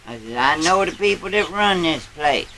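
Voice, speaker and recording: A man's voice: a little high, lively intonation, normal speed, background noise. A man playing a boastful old country grandpa, telling a rambling tall tale in a folksy drawl. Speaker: storyteller. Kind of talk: character storytelling.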